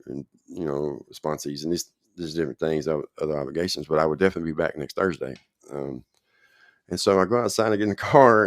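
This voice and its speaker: A man's voice: a bass voice, dry recording, studio quality. A man hosting a show and telling his own story in a loose, rambling way, often checking that the listener is following. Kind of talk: casual spoken storytelling.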